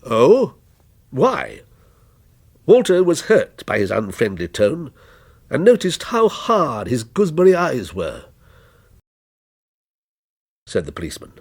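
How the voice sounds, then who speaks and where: A man reading a short story aloud in a measured, dramatic way. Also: mid-range voice, huge pitch swings, darkish tone.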